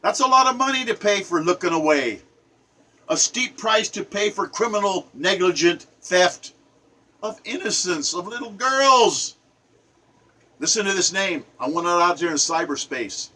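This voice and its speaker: A man speaking as a poet in an impassioned, angry rant to camera, swinging between loud outbursts and low murmurs. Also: expressive, measured pace.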